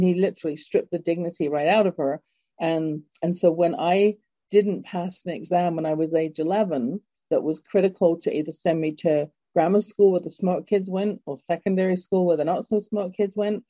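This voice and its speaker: In a warm, lowish voice with no echo, a middle-aged English woman hosting an interview conversation shares a personal story thoughtfully. The recording sounds dull, lo-fi and dry.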